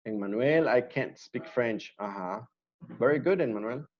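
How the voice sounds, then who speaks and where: A man's voice: mid-range voice, lively intonation, moderate pace, lo-fi sound. A man teaching an online English class, patiently repeating words to drill pronunciation.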